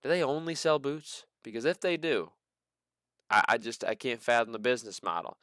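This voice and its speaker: A man hosting a casual stock market show, drifting through earnings picks with sarcastic jokes and side comments. His voice is smooth and clear, at an ordinary middle pitch, recorded close and dry with no room sound. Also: animated, normal speed, a bit bright, no echo. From American Midwest. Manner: joking, rambling asides with sarcastic quips. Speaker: stock market channel host.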